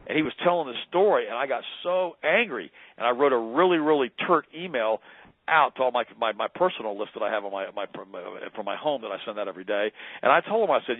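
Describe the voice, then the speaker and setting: A man's voice: mid-range voice, lively intonation, fast, dry recording. Fired-up man on a phone line. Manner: fervent, heated storytelling. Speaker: radio guest. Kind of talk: impassioned call-in radio talk.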